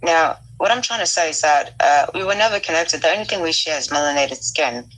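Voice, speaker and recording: South sudanese lady on a live call, low voice, calm, bit hesitant. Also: poor audio. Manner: calm, measured, hesitant with fillers. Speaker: caller in an online debate. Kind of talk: live audio room debate.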